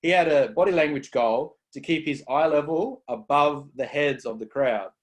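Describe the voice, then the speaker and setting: A man co-hosting a casual podcast, explaining ideas in an earnest, measured way. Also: fairly high pitch. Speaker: co-host.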